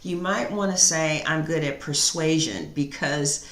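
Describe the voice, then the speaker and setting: A woman's voice: deep voice, a little slow, reverberant, a little hiss or hum. A middle-aged woman doing a tarot reading on a live stream and talking back to the chat in a sassy, outspoken way. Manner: sassy, outspoken, talks back to chat with loud laughing asides. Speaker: tarot reader.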